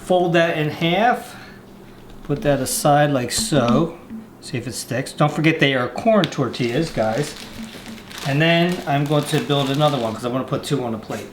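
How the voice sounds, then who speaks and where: A man hosting a casual cooking show outdoors, walking through a recipe step by step in a relaxed way. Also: fairly high pitch, normal speed, reverberant, background noise. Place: outdoors, windy.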